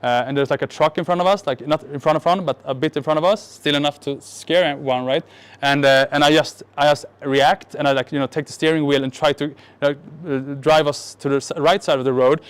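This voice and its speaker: A man's voice: fairly high pitch, fairly quick, clear, resonant tone. A man from the Middle East tells a personal story on stage to a live audience, joking and mocking himself, often restarting his sentences. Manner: animated, joking, self-mocking, many restarts. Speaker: speaker at a marketing event.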